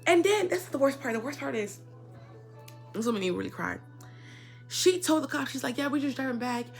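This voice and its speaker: A young woman telling a personal story in a casual, indignant rant, swinging between loud outbursts and quiet asides. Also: sits high, sing-song, fairly quick, vocal fry, faint music behind. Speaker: storyteller vlogger.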